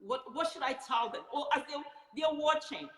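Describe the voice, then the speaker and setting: A woman's voice: high-pitched, big pitch swings, normal speed, fairly bright tone, echoey room, in a large hall. A woman praising her business partner with effusive, prayerful blessings and talk of prophecy.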